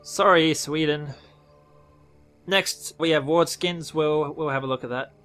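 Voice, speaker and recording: An Australian man talks through game update news in an offhand, rambling way, often restarting his sentences. His voice is bright and forward. Faint music plays behind him. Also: fairly high pitch, fairly even intonation, a little slow. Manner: rambling, self-correcting, offhand. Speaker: gaming video host. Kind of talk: casual game-update commentary.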